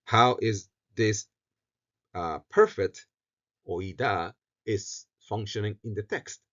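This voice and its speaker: A man teaching a Bible lesson on Greek syntax, talking haltingly, often restarting phrases and repeating words for stress. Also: on the low side, a bit bright, highs cut off. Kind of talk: recorded Greek syntax lecture.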